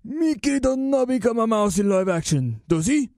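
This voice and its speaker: A man doing an impression of an older Japanese man who speaks in halting, broken phrases with a put-on Japanese accent. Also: extremely high pitch, expressive, a little mellow, dry recording, studio quality, pitched above the performer's own voice. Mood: gently puzzled. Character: elderly Japanese man, a game artist, gently matter-of-fact.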